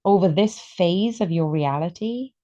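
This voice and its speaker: A woman giving an excitable, emotional tarot reading, stretching out her words for emphasis. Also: fairly low pitch, unhurried, dull audio. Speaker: tarot reader.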